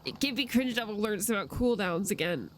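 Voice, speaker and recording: A young woman streaming a video game, chatting casually and excitably and laughing often as she plays. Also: medium pitch, brisk, slight background noise. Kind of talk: casual gameplay chat. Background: game music.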